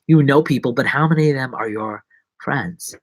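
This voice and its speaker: A man chatting casually and rambling playfully on a solo livestream. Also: moderate pace. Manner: rambling, playful, drops to whispers and jumps to squeaky voices. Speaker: livestreaming vlogger.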